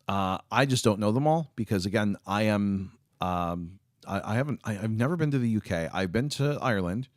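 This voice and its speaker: A man's voice: fairly low pitch, animated, moderate pace, no echo, studio quality. A man chatting casually with viewers on a live stream, rambling with lots of fillers and restarts. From United States.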